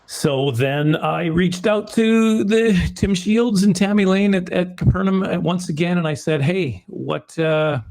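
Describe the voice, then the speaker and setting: A man's voice: sits high, measured pace, hardly any pauses, darkish tone. A man, a film producer, telling a long rambling story in a casual interview, self-deprecating and often restarting his sentences.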